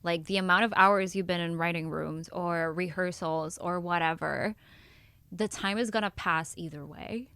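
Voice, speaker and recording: A woman host with a low-set but bright, forceful voice, smooth and clear. She talks encouragingly and with feeling, recorded close and dry. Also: fairly even intonation, moderate pace, no echo. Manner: warm, encouraging, emotional. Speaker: voice teacher and podcast host. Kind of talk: casual interview chat.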